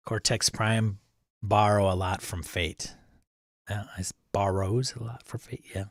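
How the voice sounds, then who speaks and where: A man's voice: lowish voice, fairly even intonation, a little slow, no echo, clean studio sound. A man hosting a livestream, casually chatting and greeting viewers by name as he reads their comments. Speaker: livestream host reading chat. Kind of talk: casual chat.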